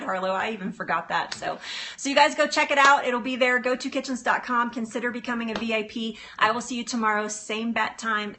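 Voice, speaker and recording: Bubbly bright-voiced woman streaming live. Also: on the high side. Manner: bubbly and chatty, answering viewer comments. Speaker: live-stream cooking host. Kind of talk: casual live-stream chat. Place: kitchen.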